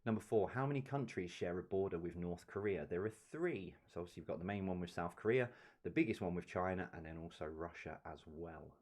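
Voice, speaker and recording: A man's voice: sits low, a little fast, darkish tone. A man hosting a live-streamed quiz, reading each question and its answer with offhand chatty asides. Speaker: quiz host.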